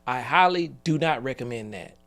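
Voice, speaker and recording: A man's voice: mid-range voice, expressive, moderate pace, a bit bright. A man in his forties giving an earnest motivational talk on a live call, telling stories and laughing between points. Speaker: business speaker.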